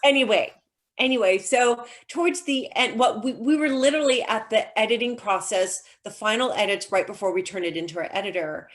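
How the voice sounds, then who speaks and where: A woman's voice: a little high, fairly quick. A middle-aged woman novelist chatting over a video call, telling stories with lots of ums and restarts. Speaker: novelist, guest author. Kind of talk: casual conversational interview.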